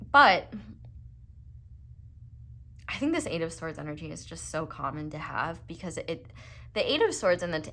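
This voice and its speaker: A woman's voice: on the low side, fairly bright tone. A young woman, doing a casual, rambling tarot reading full of fillers and earnest asides. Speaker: tarot reader.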